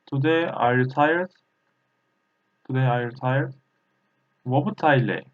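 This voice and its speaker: Slow-talking man teaching, tinny audio. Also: medium pitch. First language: Turkish. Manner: halting, repeats words and tones slowly, frequent uh fillers. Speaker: language teacher. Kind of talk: slow spoken language lesson.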